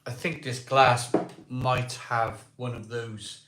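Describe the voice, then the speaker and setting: A Welsh man with a voice hoarse from a cold, hosting a casual live stream, greeting viewers by name and asking for likes. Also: medium pitch, level tone, takes it slowly, background noise. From Wales. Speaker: livestream host. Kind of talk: casual live chat reading viewer comments. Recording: echoey room.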